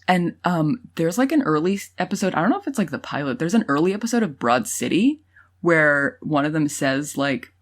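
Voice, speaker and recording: Low-voiced lady cohost, jokey casual chat, retells scenes. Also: big pitch swings, moderate pace. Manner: joking, laughs often, retells scenes. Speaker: podcast co-host.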